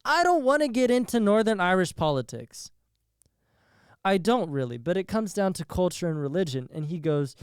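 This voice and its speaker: A man's voice: high voice, lively intonation, normal speed, smooth, no echo, clean studio sound. A young man hosting a solo podcast, talking in a rambling, profane way and laughing at his own jokes. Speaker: podcast host.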